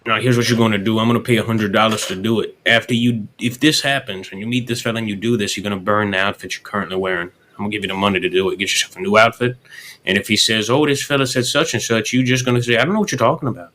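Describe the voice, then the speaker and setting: Western roleplayer, man, bright forceful voice, folksy and pushy. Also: on the low side, fairly even intonation, quick pace. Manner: folksy, profane, persuasive. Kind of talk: in-character roleplay chat.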